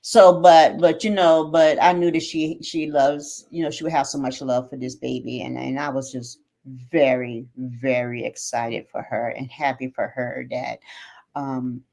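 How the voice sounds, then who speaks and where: Animated middle-aged woman telling a story. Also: a bass voice, unhurried, vocal fry. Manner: animated, acts out quotes in a raised voice. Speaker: guest, mother of a podcast host. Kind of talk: storytelling on a live podcast.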